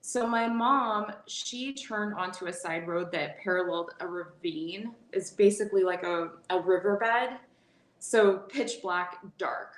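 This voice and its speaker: Woman guest in her 40s, animated storyteller who laughs easily and restarts her sentences, recorded in a roomy, echoey space. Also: on the low side, measured pace. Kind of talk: casual storytelling interview. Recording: echoey room.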